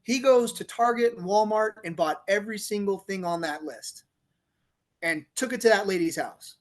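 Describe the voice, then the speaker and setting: A middle-aged man, a police officer turned author, telling a story on a podcast in a lively, laughing way and acting out the quotes. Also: sits high, moderate pace. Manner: animated storyteller, laughs often, acts out quotes. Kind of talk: casual storytelling interview.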